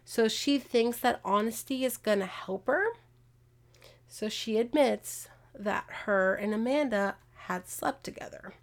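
A woman hosting a podcast, casually retelling a true-crime case with animated, exasperated asides. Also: on the high side, measured pace. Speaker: podcast host.

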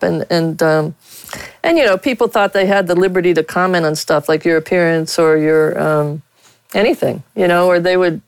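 Blunt, gravelly-voiced woman sportswriter. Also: fairly low pitch, no echo, poor audio. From Pittsburgh. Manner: blunt, frank, laughs while telling stories. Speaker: veteran sportswriter. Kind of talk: interview guest, candid storytelling.

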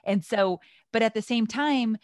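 A woman's voice: fairly high pitch, a little slow, dry recording, studio quality. A woman hosting a podcast, chatting casually and affirming her guest often. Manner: warm, affirming interjections. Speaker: podcast host. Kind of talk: casual interview.

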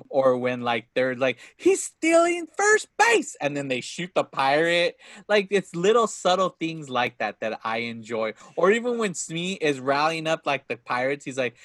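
A man's voice: medium pitch, a bit bright, dry recording, clean studio sound. A man in his thirties chatting casually about a movie, acting out lines and laughing often. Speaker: podcast co-host. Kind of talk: casual movie review chat.

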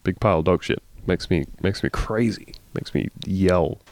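A man's voice: low voice, normal speed, darkish tone. An Australian man in his thirties co-hosting a podcast, rambling casually with lots of fillers and swearing. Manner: rambling, profane, many fillers and restarts. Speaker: podcast co-host. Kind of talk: casual chat.

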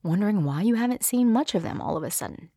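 A woman's voice: mid-range voice, animated, fast talker, mellow, no echo, studio quality. A woman hosting a solo podcast, talking candidly and expressively, with playful asides. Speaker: podcast host.

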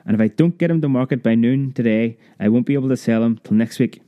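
A man's voice: mid-range voice, dry recording, lo-fi sound, close to an everyday voice. A man doing a stubborn rustic carter. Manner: slow rustic speech dropping h's. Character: gruff old male carter, stubborn.

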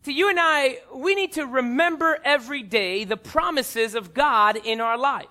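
Pastor guy giving a sermon, really high pitched, bright tone, animated delivery. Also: normal speed. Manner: animated preaching, acting out voices in stories.

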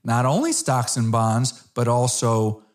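A man's voice: medium pitch, lively intonation, a little slow. Friendly male interview host. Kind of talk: casual interview.

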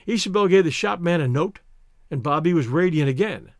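Expressive male storyteller, high voice. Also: brisk, dry recording, clean studio sound. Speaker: narrator. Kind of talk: scripted story narration.

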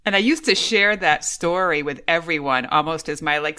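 A woman with a low but bright, forceful voice shares a personal story in a podcast chat. She speaks openly and expressively, with a lively storyteller's touch. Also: brisk, few pauses, clear, resonant tone. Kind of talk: casual conversation.

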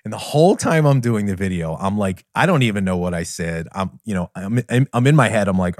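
A man's voice: on the low side, brisk, few pauses, dry recording. Earnest man telling his story, dry sound. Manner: earnest, candid, animated retelling. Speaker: podcast host and business trainer. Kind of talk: personal storytelling monologue.

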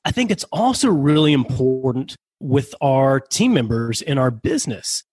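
A man's voice: medium pitch, very animated, unhurried, a little mellow, breathy edge, no echo. A man hosting an interview, affirming his guest and asking thoughtful questions. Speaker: interview host. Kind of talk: interview conversation.

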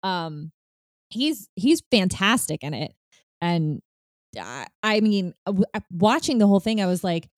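A woman's voice: mid-range voice, expressive, moderate pace, no room sound, studio quality. A woman in casual film discussion, talking candidly and animatedly with frequent fillers and some swearing.

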